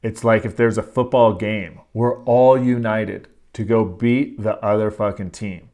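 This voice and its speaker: A man with a somewhat low voice talks casually and bluntly, peppering his points with swearing and filler words. He pushes hard on key phrases, earnest and motivational like a host firing up his listeners. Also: steady tone, measured pace, darkish tone. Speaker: podcast host.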